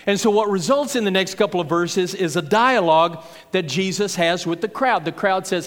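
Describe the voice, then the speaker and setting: A man's voice: high voice, moderate pace. A man preaching a verse-by-verse sermon in a folksy, conversational way, acting out the voices of the crowd and of Jesus. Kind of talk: expository sermon. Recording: long hall reverb.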